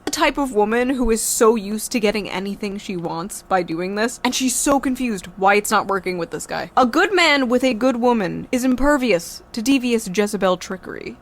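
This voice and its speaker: A woman's voice: on the high side, expressive, moderate pace, hardly any pauses, a little hiss or hum. A woman hosting a reaction video, giving dry, mocking commentary between read-out text messages.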